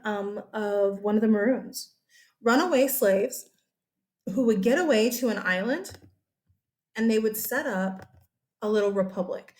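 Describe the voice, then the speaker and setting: A chatty woman teacher walks her class through a history lesson over slides. Her voice sits on the higher side, and she keeps checking in with her listeners as she goes. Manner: chatty, animated, often checks in with "okay?".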